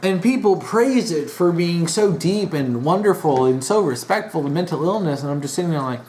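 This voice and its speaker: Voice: mid-range voice, lively intonation, normal speed, few pauses, a little mellow, a little hiss or hum. A vlogger in a casual monologue, rambling with restarts and sounding exasperated and disappointed. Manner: rambling, frequent restarts and fillers.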